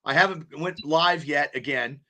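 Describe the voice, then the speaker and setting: A man's voice: fairly high pitch, normal speed, bright, forceful tone. A man hosting a podcast in casual chat, rambling and stammering as he repeats words. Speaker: podcast host.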